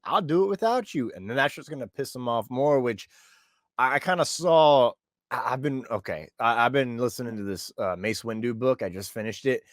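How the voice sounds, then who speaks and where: Brief: male podcast guest, mid-pitched, eager, dry close sound. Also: no room sound. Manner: enthusiastic, acts out quotes. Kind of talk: casual chat.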